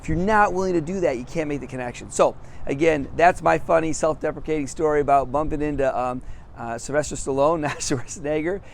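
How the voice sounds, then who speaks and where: A man's voice: fairly high pitch, brisk, creaky, slight background noise. A middle-aged man, a business coach, telling a story to camera on a city sidewalk outdoors, upbeat and laughing often at himself.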